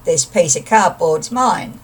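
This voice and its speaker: A woman's voice: lowish voice, lively intonation, slow, slightly rough, exaggerated voice. A woman voicing a scrappy, cheeky male rat in a storybook poem, talking in a blunt, combative way, recorded from a distant mic. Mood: defiant.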